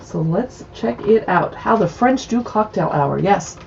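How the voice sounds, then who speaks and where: Chatty woman with a gravelly, mellow voice. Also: medium pitch, expressive, unhurried, lo-fi sound, slight background noise. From US West Coast. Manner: chatty, reads titles aloud with asides. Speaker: cookbook show host. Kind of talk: casual livestream book browsing. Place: home in a city.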